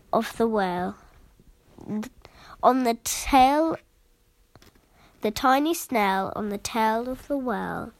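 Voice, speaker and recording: A woman reading a rhyming picture book aloud, in a lilting delivery that drops to soft whispers at times. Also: fairly high pitch, a little hiss or hum, low-quality recording. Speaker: storyteller.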